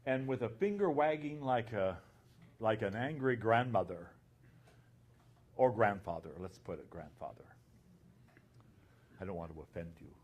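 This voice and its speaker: Male abbot at a conference who tells his story very slowly and recounts each line of dialogue. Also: mid-range voice.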